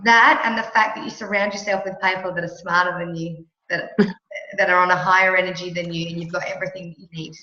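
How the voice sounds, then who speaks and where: A middle-aged Australian woman coaching with emphatic, animated talk, often checking in with her listener. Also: fairly low pitch, quick pace. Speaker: mentor and coach. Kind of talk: motivational coaching chat. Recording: echoey room, dull lo-fi sound.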